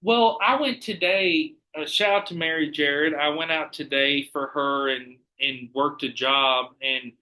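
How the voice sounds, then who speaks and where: A man telling lively stories in casual podcast chat, swearing freely and acting out the people he quotes. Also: on the high side, a little slow, hardly any pauses, rough recording. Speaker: podcast guest.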